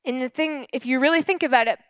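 A woman pastor giving an earnest, animated sermon and telling personal stories. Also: high-pitched, fast, clear, resonant tone, no echo.

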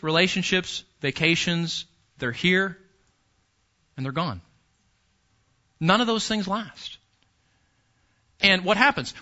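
Bright, high-voiced preacher, man. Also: muffled recording. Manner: conversational, repeats key phrases, questions the congregation. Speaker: pastor. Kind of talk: sermon. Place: church.

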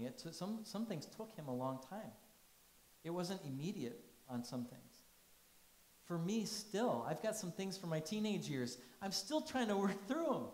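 A man's voice: fairly high pitch, darkish tone, echoey room, poor audio. A man giving a conversational sermon, telling stories and asking the congregation questions. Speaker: pastor.

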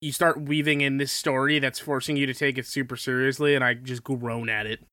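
A man's voice: mid-range voice, flat delivery, fairly quick, sharp tone, no echo, studio quality. A man in his thirties co-hosting a casual podcast, telling jokey stories and laughing often. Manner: laughing, joking storyteller. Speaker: podcast co-host. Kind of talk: casual chat.

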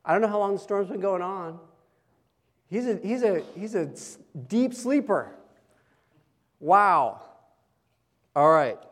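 A man with a high voice preaching at an unhurried pace. His sermon is chatty and full of questions to the congregation. The sound has the long reverb of a large hall. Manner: conversational, asks the congregation questions. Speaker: pastor.

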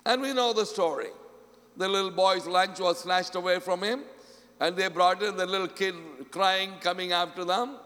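High-voiced preacher in a reverberant hall. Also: male voice, normal speed. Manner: call-and-response, repeats "Amen?" often; acts out quoted voices, swinging from loud to soft. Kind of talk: sermon.

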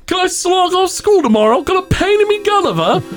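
A man voicing a cartoon schoolboy who fakes a mock cockney accent, squeaky and exaggerated. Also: big pitch swings, a little fast, soft background music. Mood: playful.

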